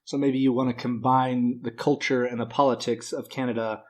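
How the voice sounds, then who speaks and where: A man's voice: medium pitch, flat delivery, normal speed, darkish tone. A man co-hosting a podcast, telling a long crude joke in casual chat, rambling with fillers and frequent laughs. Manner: rambling storyteller, laughs often, filler-heavy. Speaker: podcast co-host.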